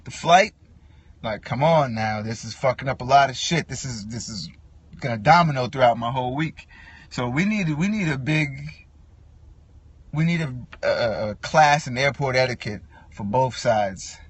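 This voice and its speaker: A man ranting in a casual, profane monologue, animated and quick to act out what others said. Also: mid-range voice, breathy edge, no echo. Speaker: podcast host.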